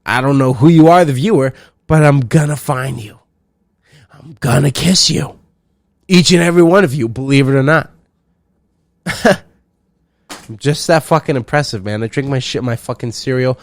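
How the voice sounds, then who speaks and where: A young man hosting a solo comedy podcast, rambling and swearing in a loose, animated way. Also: mid-range voice, normal speed, pauses often, no echo, studio quality. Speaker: podcast host.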